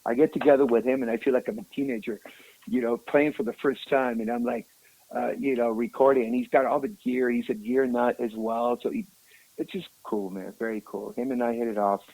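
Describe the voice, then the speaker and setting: A rock musician telling a story in a casual interview, animated and emotional, often calling the listener "man". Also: medium pitch, fairly quick, vocal fry, low-quality recording.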